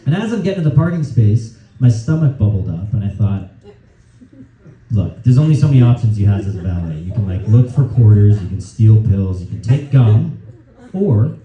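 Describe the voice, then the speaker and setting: A man's voice: fairly low pitch, big pitch swings, moderate pace, mellow. A young man doing a stand-up set, telling a story in a loose, rowdy way, often laughing mid-line, on a club stage with a handheld mic. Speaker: stand-up comedian. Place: comedy club stage, live audience. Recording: roomy, distant, dull club recording.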